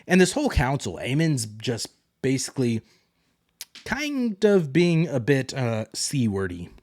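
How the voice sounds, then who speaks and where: A man with a mid-range, darkish voice hosts a solo podcast, recapping a TV episode casually and ramblingly while paraphrasing characters in loose quotes. His pitch swings hugely and his delivery is unhurried. The recording is dry and clean, with studio sound.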